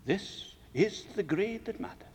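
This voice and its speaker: A man preaching to fellow preachers with emphatic rhetorical questions, his voice soaring and then dropping to a hush. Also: high-pitched, lively intonation, measured pace, slight background noise. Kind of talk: sermon lecture. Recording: long reverb of a large hall.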